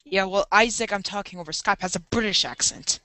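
A man's voice: high-pitched, brisk, pushed and bright, dry recording. A man live-streaming a game, chatting casually, giggly and rambling with lots of fillers.

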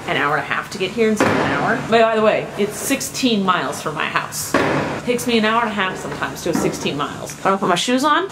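A woman's voice: lowish voice, noisy background. A young woman from the United States vlogging her day in casual chat, tired but upbeat and self-mocking, talking to a handheld camera. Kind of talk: casual daily vlog.

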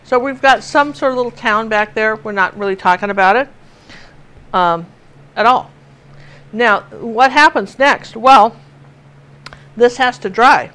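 A woman's voice: on the high side, unhurried, long pauses, fairly bright tone, poor audio. An older woman from Washington State giving a chatty live painting lesson, telling stories and laughing as she works. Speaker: painting teacher.

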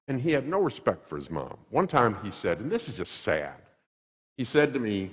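A male pastor preaching a sermon in a church, emphatic and animated, acting out little scenes. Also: mid-range voice, moderate pace, long reverb tail. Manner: animated, acts out quotes, emphatic repetition. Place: church sanctuary.

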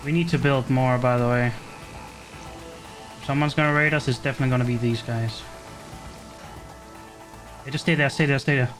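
Excitable man narrating his gameplay. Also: medium pitch, moderate pace, pauses often, faint music behind. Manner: excitable, swears and cuts himself off. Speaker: gaming streamer. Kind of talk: casual gameplay commentary.

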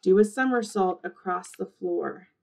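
A woman kindergarten teacher reading an interactive movement book aloud to young children, animated and encouraging in a sing-song voice. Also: mid-range voice, a little slow, creaky.

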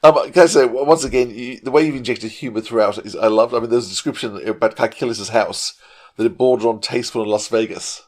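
A man's voice: medium pitch, fast talker, a little mellow. A man hosting an interview podcast, asking questions with eager enthusiasm. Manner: enthusiastic, full of praise. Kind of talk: casual interview chat.

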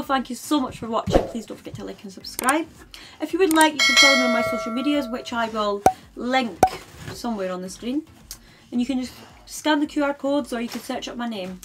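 A woman's voice: fairly high pitch, normal speed, heavy background noise. Gushing, chatty woman beauty vlogger. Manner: gushing, chatty, heavy use of "like" and "um". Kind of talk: casual haul and unboxing chat to camera. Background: background music.

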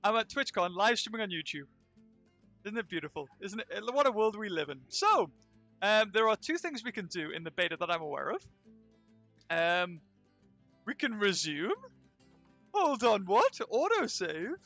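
A man's voice: high-pitched, very animated, normal speed, pauses often, sharp tone, soft background music. A young man streaming a game from a convention, rambling and joking with viewers. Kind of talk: casual live-stream chat. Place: convention venue.

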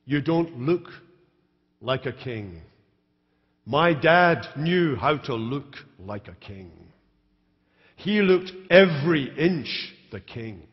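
A man preacher voicing a scornful queen who mocks her husband with biting sarcasm, drawn out and raised in pitch. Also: expressive, slow pace, long pauses. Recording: reverberant church hall, dull live stream.

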